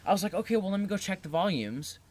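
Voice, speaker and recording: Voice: mid-range voice, lively intonation, fast talker, darkish tone. A young adult who works at a movie theater, telling customer stories in an exasperated, casual way. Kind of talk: casual chat.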